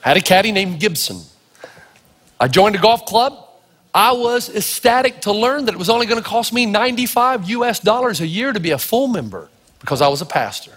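A man preaching a sermon in a large echoing hall, his high voice leaping up and down as he tells stories. He acts out the people in them and shouts the big moments. He is a pastor from Tennessee. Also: sing-song, fairly quick, breathy edge. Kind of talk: sermon with storytelling.

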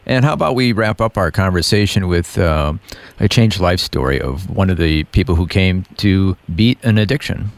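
A man's voice: low-pitched, animated, normal speed, hardly any pauses, dry recording. A man hosting an interview, asking short questions and prompting with brief replies. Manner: brief prompts and attentive backchannels.

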